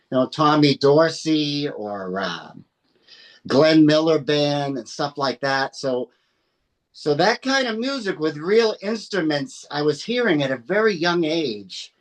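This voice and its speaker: A middle-aged man from New Hampshire, a singer-songwriter guest telling stories about his life in an unhurried way, with frequent "uh" fillers. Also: fairly high pitch. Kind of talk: relaxed storytelling.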